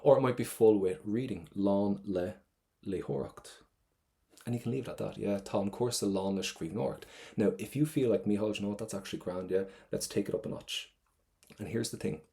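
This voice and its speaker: A man's voice: on the low side, vocal fry, warm tone. A man with an Irish accent teaching an exam-prep language lesson in an upbeat, chatty, encouraging way.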